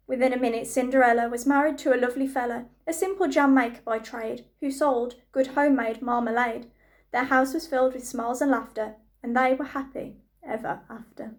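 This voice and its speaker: A woman reading a rhyming storybook aloud to children with a lively, rhythmic delivery. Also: fairly high pitch, a little fast.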